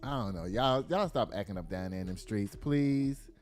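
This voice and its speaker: A man's voice: fairly low pitch, moderate pace, soft background music. Slangy man riffing on the news. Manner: animated, slangy, reacts aloud while reading. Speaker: news commentary host. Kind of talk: casual news commentary.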